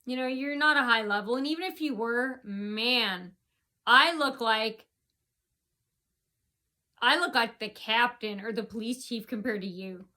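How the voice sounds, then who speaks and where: Indignant woman with a bright voice. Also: fairly high pitch, a little slow, long pauses. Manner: indignant, rambling, repeats herself. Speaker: vlogger. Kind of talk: ranting personal storytelling.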